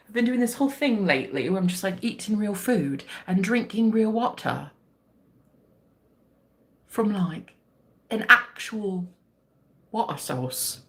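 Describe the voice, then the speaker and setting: A woman's voice: mid-range voice, expressive, unhurried, pauses often, bright, forceful tone. An American woman chatting playfully on a livestream in a put-on English accent, rambling and joking. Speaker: livestream host. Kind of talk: casual chat.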